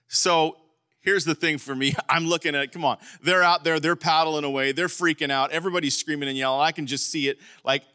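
A middle-aged man, a pastor, preaching a lively sermon and calling out to his congregation. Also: mid-range voice. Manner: animated preaching, calls out to congregation.

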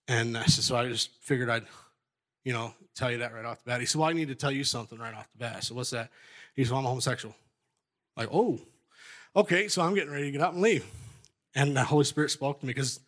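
A middle-aged man stands before a church gathering and tells his personal testimony. He rambles and doubles back mid-sentence, cracking jokes at himself as he goes. His voice sits at an everyday middle pitch. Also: a bit bright. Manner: rambling, self-interrupting, jokey. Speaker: church member giving testimony.

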